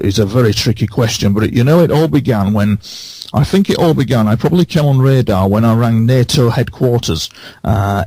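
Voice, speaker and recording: A man on a radio show who recounts his experiences earnestly, halting and repeating phrases for emphasis. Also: lowish voice, darkish tone, no room sound. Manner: halting, with many false starts.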